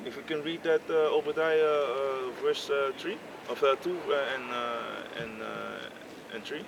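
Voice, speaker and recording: Halting man with heated rhetorical questions. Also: mid-range voice, dull audio. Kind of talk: casual outdoor discussion. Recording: distant mic, clear outdoor noise.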